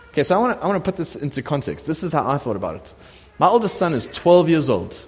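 A middle-aged man preaching a sermon as a pastor, telling the story in a lively way and acting out the voices of the people in it. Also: a little high, fast talker, hardly any pauses. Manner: animated storytelling preacher, acts out quoted voices. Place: church sanctuary. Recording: long church hall reverb.

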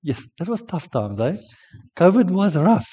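Chatty South African preacher, slightly high. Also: male voice, very animated, unhurried, mellow, breathy edge. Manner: chatty and storytelling, with many restarts. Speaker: pastor. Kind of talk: sermon. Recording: dull lo-fi sermon recording.

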